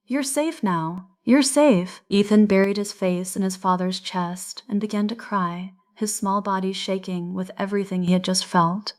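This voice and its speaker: A woman narrating a story slowly and clearly for English learners, with expressive delivery. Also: mid-range voice.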